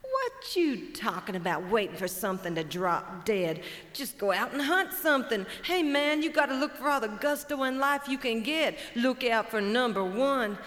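A woman voicing a brash, pushy male chicken hawk in a Cajun folktale, with a Cajun accent and loud swaggering slang. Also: on the high side, sing-song, moderate pace, voice pushed up. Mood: cocky, brash. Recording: long hall reverb on stage.

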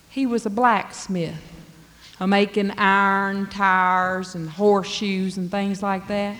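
A woman's voice: mid-range voice, little pitch movement, slow pace, a bit bright. A woman telling a folk tale in a drawling, dialect-rich way. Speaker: storyteller. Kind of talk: folk storytelling performance. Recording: long hall reverb.

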